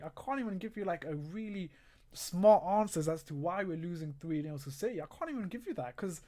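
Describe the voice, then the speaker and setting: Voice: medium pitch, expressive, brisk, mellow. Livestream host, watchalong commentary, exasperated, sarcastic, laughing often, reading out chat comments, casual. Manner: reads viewer comments aloud.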